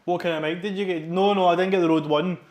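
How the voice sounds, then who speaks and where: This is a casual gym vlog from a young Scottish powerlifter, who talks quickly about his training in a high-pitched, darkish, steady voice. He rambles and corrects himself, picked up indoors by a wireless lapel mic under his t-shirt.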